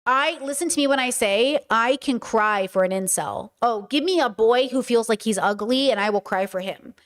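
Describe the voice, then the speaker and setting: A woman's voice: a little high, moderate pace. A young adult woman hosting a podcast, talking in a passionate, emphatic casual monologue that often repeats its points. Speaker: podcast host.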